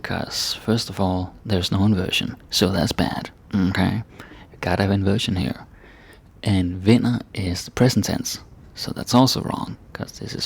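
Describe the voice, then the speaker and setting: A man teaching a casual grammar lesson, relaxed and checking in with "right?" and "eh?" as he explains. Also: sits low, measured pace, vocal fry, breathy edge. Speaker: language teacher.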